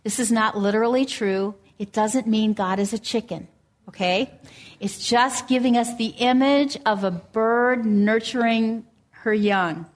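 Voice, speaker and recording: Woman giving a sermon, gentle earnest storyteller, reads scripture. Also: a little high, a little slow. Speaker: preacher.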